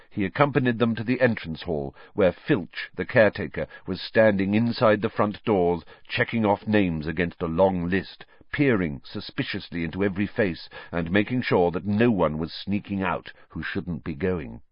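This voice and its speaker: A man narrating an audiobook with expressive storytelling. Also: low-pitched, moderate pace, hardly any pauses, dry recording. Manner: expressive storytelling, varied voices. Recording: dull lo-fi dry recording.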